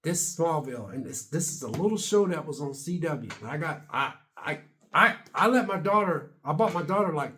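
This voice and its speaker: A man's voice: a little high, animated, moderate pace, bright, forceful tone, a little hiss or hum. A man in his late fifties or sixties talking casually to camera in a vlog, rambling and chatty, with casual double negatives. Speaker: video blogger.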